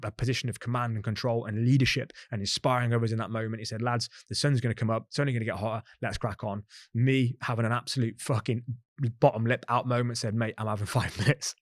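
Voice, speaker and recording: A man's voice: medium pitch, no room sound, clean studio sound. A British man telling a personal endurance story as a podcast host, candid and conversational, swearing freely and restarting his sentences. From Britain. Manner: candid, expletive-laden, conversational with frequent restarts.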